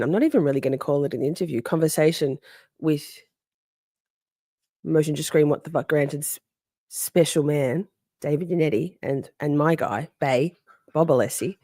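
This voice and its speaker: A woman's voice: sits low, moderate pace, warm tone, no room sound, studio quality. A woman hosting a casual livestream, chatty and sassy, reading out viewer comments, answering them, laughing often and swearing freely. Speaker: livestream host.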